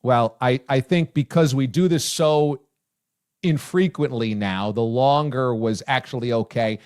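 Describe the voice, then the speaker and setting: A man hosting a sports talk show, loud and enthusiastic, often shouting his praise. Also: medium pitch, unhurried, smooth. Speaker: sports radio host.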